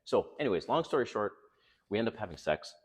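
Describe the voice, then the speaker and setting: A man's voice: on the low side, very animated, a little fast. An older man hosting a vlog, telling personal stories in a frank, casual way and swearing freely. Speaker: host.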